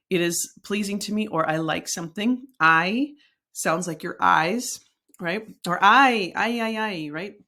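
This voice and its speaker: Woman, lowish voice, Spanish teacher, patient explaining, recorded lesson. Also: fairly bright tone. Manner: patient, explains slowly with fillers.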